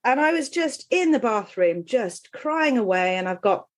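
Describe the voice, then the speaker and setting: A woman's voice: a little high, moderate pace. A middle-aged woman, a well-being coach and podcast guest, telling a personal story candidly and with animation. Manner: candid, animated, laughs while telling stories. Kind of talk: conversational storytelling.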